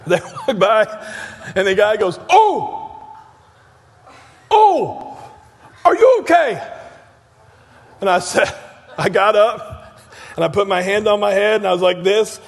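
A man preaching a sermon as pastor, telling stories with energy and dropping to soft, low tones for emphasis. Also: fairly even intonation, unhurried, creaky, pauses often. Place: church sanctuary. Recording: church hall reverb.

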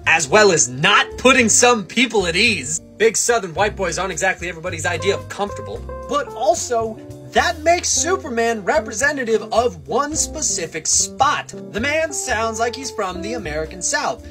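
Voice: medium pitch, moderate pace, over music. A creator in their twenties from the US West Coast, ranting casually and comically, swearing often and poking fun at themselves. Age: 20s. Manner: animated, swears often, self-deprecating. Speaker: TikTok creator. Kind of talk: casual comedic opinion rant.

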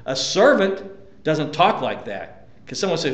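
A man's voice: on the high side, big pitch swings, a little slow, roomy sound. A male pastor preaching a sermon with emphasis, asking the congregation rhetorical questions.

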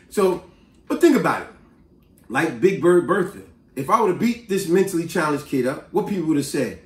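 A man casually telling a story from his school days in a slangy, animated way, with lots of asides. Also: a little high, moderate pace, slight background noise. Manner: animated, street-slang storyteller who breaks into asides and acted quotes. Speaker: vlogger. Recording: roomy, distant mic.

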